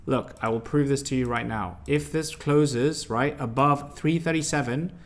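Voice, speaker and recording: A man's voice: mid-range voice, moderate pace. A young man hosts a live trading stream in an ordinary mid-range voice. He talks bluntly and emphatically, quizzing his viewers and scolding them when they get it wrong. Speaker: stock trading livestream host.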